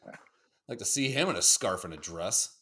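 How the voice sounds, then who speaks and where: A man co-hosting a podcast, chatting casually about videos in a profane, excitable, rambling way. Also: sits low, moderate pace, background noise. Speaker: podcast co-host. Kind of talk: casual chat reacting to videos.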